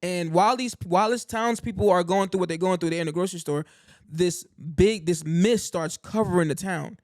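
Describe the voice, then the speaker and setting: A man's voice: high voice, brisk, no room sound, studio quality. A man co-hosting a podcast, telling stories in casual chat with lots of fillers. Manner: animated storyteller, heavy fillers. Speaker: podcast co-host.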